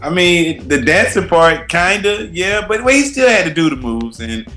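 A man's voice: high voice, animated, moderate pace, over music. A laid-back man co-hosting a podcast, talking casually and often adding "you know what I'm saying". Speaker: podcast co-host. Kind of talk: casual banter.

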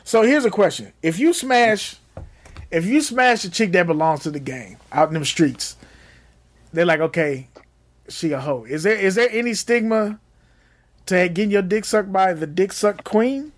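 Lively high-voiced man joking around. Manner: animated, joking, quick rises into laughter. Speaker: podcast co-host. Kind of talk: casual crude banter.

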